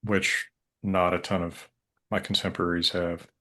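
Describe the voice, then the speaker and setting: Deep-voiced man with Western American drawl. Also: level tone, fairly bright tone. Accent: Colorado, American West. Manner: slow drawl, thoughtful, hedging. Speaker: guest linguist. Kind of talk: conversational interview.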